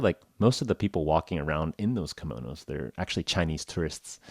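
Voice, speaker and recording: A man's voice: low voice, dry recording, studio quality. A man hosting a casual English-learning podcast, talking in a rambling, jokey way full of "like" and "uh". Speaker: podcast host.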